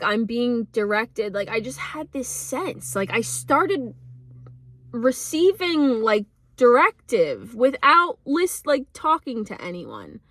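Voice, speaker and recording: A woman's voice: a little high, a bit bright, no echo. A young woman telling a personal story in a casual, emotional way, with lots of fillers, swearing and nervous laughs. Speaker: vlogger.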